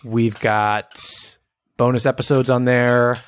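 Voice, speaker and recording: A man co-hosting a casual podcast, joking around and slowing down for announcements. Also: medium pitch, level tone, slight background noise. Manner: playful, jokey, slows down for announcements. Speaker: podcast co-host. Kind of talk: casual chat.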